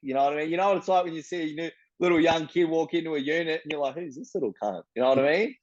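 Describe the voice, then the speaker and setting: A young man with a broad Australian accent tells his story in blunt, profane street slang, acting out the voices of everyone involved. His voice sits a little high for a man. The recording sounds slightly muffled and dull. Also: steady tone, rapid-fire. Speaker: interviewee. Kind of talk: casual storytelling.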